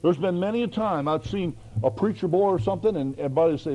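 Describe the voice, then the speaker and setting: Man, pastor, sermon, high-pitched, warm mellow tone, folksy, emphatic. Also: quick pace, dull audio. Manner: emphatic, folksy, rhetorical questions.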